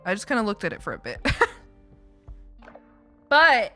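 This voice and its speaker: A woman's voice: mid-range voice, wildly swooping pitch, measured pace, sharp tone. A young woman from Canada chatting casually on a live stream, rambling, laughing often and swearing freely. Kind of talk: casual chat. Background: faint background music.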